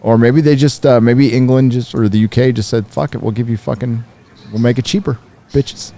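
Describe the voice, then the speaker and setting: A man's voice: mid-range voice, steady tone, fairly quick, dark tone. Profane man reading out stream news. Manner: profane, reads news and donations aloud. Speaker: co-host. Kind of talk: casual live-stream chat. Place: live event venue.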